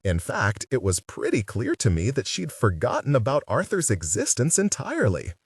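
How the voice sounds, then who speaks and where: A man reading a novel aloud in the first person, wry and animated. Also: medium pitch, moderate pace, husky, dry recording. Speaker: audiobook reader. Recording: dry sound, distant mic.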